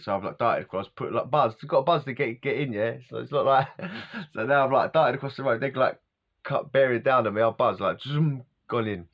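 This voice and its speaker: Speaking briskly in a medium-pitched voice, a vlogger tells a casual story from his life, rambling in slangy language and frequently chuckling. The lo-fi recording sounds dull.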